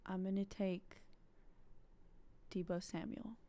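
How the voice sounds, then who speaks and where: A woman in a casual livestream chat. Her voice sits at an ordinary middle pitch. She talks in a playful, easygoing way, laughing and joking between her turns. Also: steady tone, slow pace, dark tone. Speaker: guest co-host.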